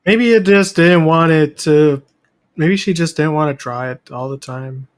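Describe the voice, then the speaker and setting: A man's voice: on the high side, measured pace. A man hosting a casual chat about a comic, rambling, joking and swearing. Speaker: podcast host.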